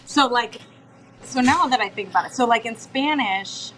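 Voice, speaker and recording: A woman's voice: a little high, normal speed, fairly bright tone, slight background noise, poor audio. A woman guest on a chat show, a mother, telling stories candidly and swearing a lot. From United States. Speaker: mother of a toddler. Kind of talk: casual chat.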